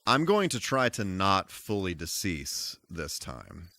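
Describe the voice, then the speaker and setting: A man talks through a live game stream on a close streaming mic, his voice leaping high and dropping low. He mixes silly yelps with mock-formal little asides. The sound is dry and close, with no room echo. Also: slow. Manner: animated, goofy exclamations and mock-formal asides. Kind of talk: live gameplay commentary.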